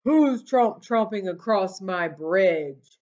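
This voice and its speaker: A woman voicing a loud, nasty old male troll in a storybook reading, bellowing slowly. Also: medium pitch, lively intonation. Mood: roaring. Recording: dull lo-fi recording.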